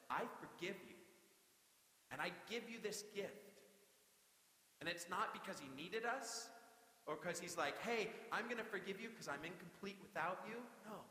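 A young man preaching a sermon as pastor, in a lively, conversational way with playful asides. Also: a little high. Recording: echoey hall with long reverb.

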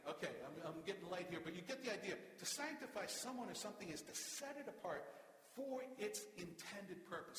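A man preaching a sermon as pastor, animated and emphatic, slowing down to stress key words. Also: high-pitched. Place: church. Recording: echoey church hall.

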